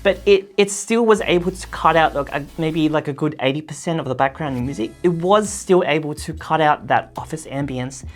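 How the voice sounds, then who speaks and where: A woman's voice: low-pitched, normal speed, hardly any pauses, faint music behind. A woman reviewing a headset in a casual, chatty way, with loose phrasing and frequent fillers. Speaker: tech product reviewer.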